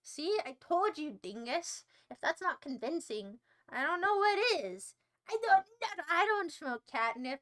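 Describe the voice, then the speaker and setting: A woman's voice: sits high, lively intonation, unhurried, fairly bright tone. A woman hosting a casual livestream, bantering with her chat in playful, mock-indignant rants full of silly tangents. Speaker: livestream host.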